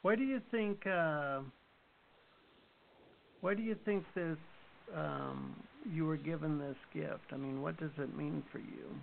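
Brief: male interview host, unhurried and halting, gravelly edge, tinny phone sound with faint hiss. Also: on the high side, sing-song. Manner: slow, hesitant, searching for words. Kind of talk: casual interview chat.

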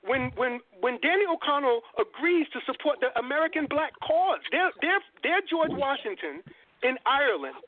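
A man's voice: very high-pitched, sing-song, normal speed. A man, a politics professor, lecturing with passion as a guest on a call-in show, repeating phrases for emphasis and calling listeners brother. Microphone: telephone. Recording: dry tinny phone line.

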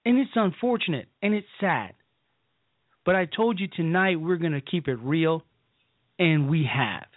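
A man's voice: on the high side, lively intonation, no echo. A man from the south side of Chicago hosting a call-in radio talk show, delivering blunt, emphatic commentary. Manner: slow, emphatic, preachy. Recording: dry, phone-like call-in radio line.

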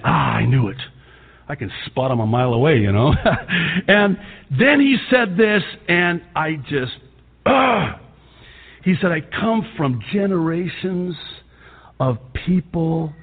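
A Lebanese-born man whose first language is Arabic, preaching a fervent sermon that swings between loud outbursts and quiet asides. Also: mid-range voice. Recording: tinny phone-like sound with long hall reverb.

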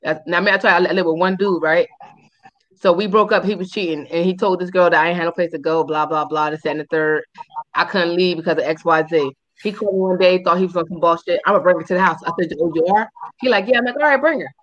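A woman's voice: fast, muffled recording. A woman co-hosting a podcast, telling a story in casual, profane chat and acting out what people said. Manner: animated, profane, acts out quotes in high squeals. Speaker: podcast co-host.

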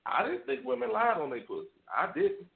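A man's voice: very high voice, wildly swooping pitch, brisk, vocal fry. A man on a radio show telling a story in casual chat, rambling and profane, with many restarts. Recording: tinny phone-like sound.

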